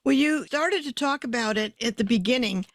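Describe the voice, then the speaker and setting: A woman's voice: fairly high pitch, normal speed, no echo. A woman hosting an interview, asking curious, probing questions and shifting her pace as she talks. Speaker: interviewer host. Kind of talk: interview conversation.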